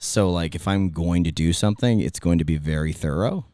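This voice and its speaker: Low-voiced rambling Californian man. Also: brisk, dark tone, no room sound, studio quality. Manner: rambling, self-interrupting storyteller. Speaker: podcast guest, former radio host and event emcee. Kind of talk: casual podcast conversation.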